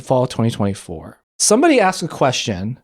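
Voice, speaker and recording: A man's voice: mid-range voice, fairly quick. A man, an animator guest on a podcast, telling a story casually with lots of fillers and acted-out quotes. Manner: animated, acts out quotes, many filler likes.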